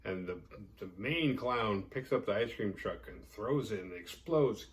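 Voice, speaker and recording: A man with a fairly low voice retells a horror film's plot, sounding a little distant from the microphone. He rambles casually, leaning on "like" and throwing in jokes and swear words. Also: expressive, unhurried. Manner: rambling, heavy filler "like", profane and jokey. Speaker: horror movie podcast host. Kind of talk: casual movie recap.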